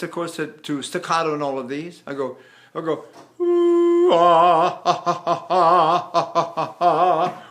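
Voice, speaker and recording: An older man teaching a voice lesson with a trained tenor voice, talking animatedly and breaking into sung phrases. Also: on the high side. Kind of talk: vocal lesson with sung demonstrations.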